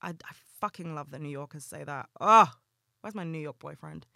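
A man's voice: fairly high pitch, moderate pace, gravelly, bright, forceful tone, no room sound, studio quality. A man hosting a solo podcast, speaking candidly and earnestly and swearing freely in casual talk. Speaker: podcast host.

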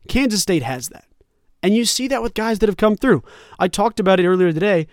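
Animated young man talking college sports. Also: sits high, brisk, no echo, clean studio sound. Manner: animated, rambling, conversational with many asides. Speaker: sports podcast host. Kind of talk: casual sports commentary monologue.

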